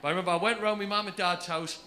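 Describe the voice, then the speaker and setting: A man doing live stand-up, brash and sweary, telling stories quickly. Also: high-pitched, steady tone, bright, forceful tone. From England. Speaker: stand-up comedian. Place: comedy club stage with laughing audience.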